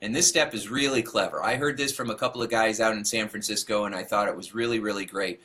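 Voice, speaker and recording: A man's voice: fairly low pitch, fairly even intonation, fast talker, pushed and bright. A man giving a motivational talk, telling a story and acting out what people said, laughing at himself along the way. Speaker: motivational speaker.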